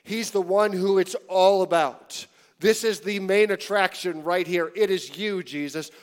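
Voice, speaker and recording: A man preaching a sermon in a conversational, animated way, sometimes dropping to hushed tones. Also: high voice, unhurried. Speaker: pastor.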